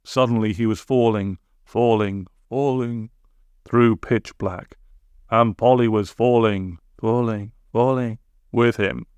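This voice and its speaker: A man's voice: on the low side, fairly even intonation, slow, darkish tone, clear, resonant tone, no room sound. A man narrating a comic children's story in a playful storybook reading.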